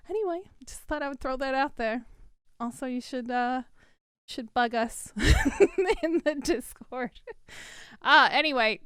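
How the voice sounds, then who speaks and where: Bubbly, higher-pitched woman host. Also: a bit bright, smooth, dry recording, clean studio sound. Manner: bubbly, playful, laughs a lot. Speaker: interview host. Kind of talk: casual interview.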